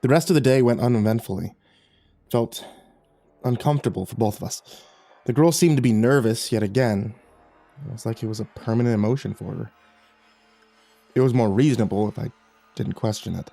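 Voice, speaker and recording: A man narrating a first-person horror story in a measured, tense way. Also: fairly low pitch, gravelly, mellow, no echo, soft background music.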